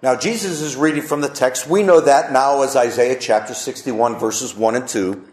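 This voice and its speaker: A man preaching a sermon as pastor, animated, with wide swings in his voice. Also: medium pitch, normal speed, roomy sound.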